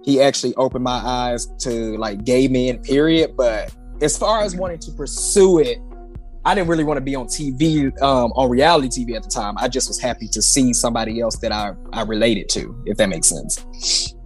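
A man from St. Louis, Missouri, a drag performer, chats as a guest in a casual interview from a busy home while soft music plays behind him. His mid-range voice moves at a moderate pace, and he's easygoing, laughing often, with lots of fillers and restarts.

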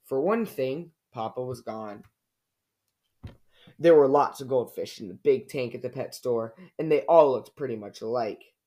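A man reading a children's storybook aloud in a gentle, unhurried way. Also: medium pitch.

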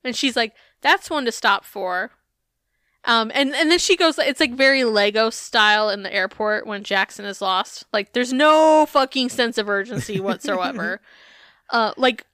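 A woman co-hosting a podcast, recapping a TV show in casual, sarcastic chat full of swearing and lively storytelling. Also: a little high, normal speed, few pauses, clear, resonant tone, dry recording, studio quality. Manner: profane, sarcastic, animated storytelling. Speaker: podcast co-host.

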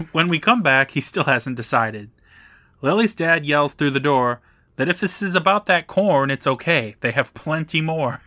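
A man co-hosts a podcast, recapping a TV episode in casual chat with a wry edge, laughing often and acting out quotes. His voice sits a little high and sounds pushed and bright; he's animated but unhurried, pausing often. The recording is dry.

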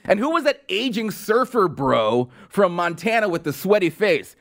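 Sarcastic man ranting with lively pitch. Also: moderate pace, hardly any pauses. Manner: sarcastic and mocking, with rising exasperated outbursts. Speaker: podcast host. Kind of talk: political commentary monologue.

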